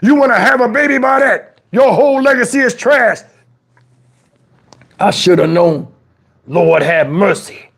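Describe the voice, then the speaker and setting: A man gives a full character voice to an outraged, preachy old father, speaking high-pitched and animated, a little slowly, with long pauses and a breathy edge. In this indignant comic rant, the father scolds in exasperation, swears, and sometimes shouts.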